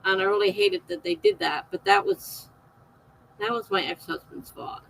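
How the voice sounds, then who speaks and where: Middle-aged lady chatting on her livestream, bright kinda tense voice, reads chat out loud. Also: very high voice, wildly swooping pitch, moderate pace, creaky, a little hiss or hum, poor audio. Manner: chatty, laughs often, reads out chat comments. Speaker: live stream host. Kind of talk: casual chat with viewers.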